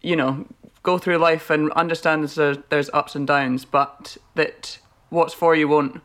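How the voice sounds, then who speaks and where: A woman's voice: low-pitched, fairly even intonation, measured pace. A young woman, a podcast guest, chatting casually in an upbeat, giggly way. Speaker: guest, festival team member.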